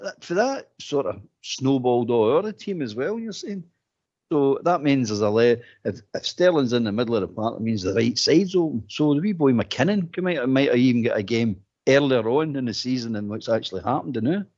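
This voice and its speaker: A Scottish man co-hosting a casual football phone-in, talking in an animated way with repeated words. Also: mid-range voice. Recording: dull lo-fi phone-in audio.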